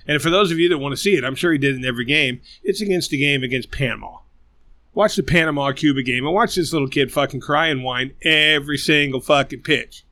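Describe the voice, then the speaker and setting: A man's voice: fairly high pitch, fast, pushed and bright. A man co-hosting a podcast, ranting angrily and swearing constantly in casual chat. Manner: angry, profane ranting. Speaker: podcast co-host.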